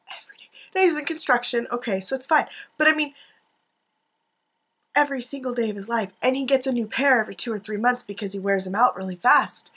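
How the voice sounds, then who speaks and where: A woman's voice: fairly high pitch, fast talker, fairly bright tone, husky. A middle-aged woman chatting and rambling to a camera at her craft desk at home, giggly with self-mocking asides. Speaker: art journaling vlogger. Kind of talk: rambling casual chat to camera.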